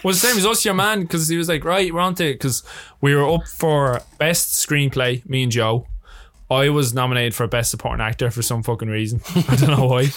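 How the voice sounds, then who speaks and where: An Irish man, a filmmaker guest on a podcast, chatting casually and telling animated stories with plenty of swearing. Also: mid-range voice, fairly quick. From Ireland. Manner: swears freely, animated storytelling. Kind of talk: casual chat.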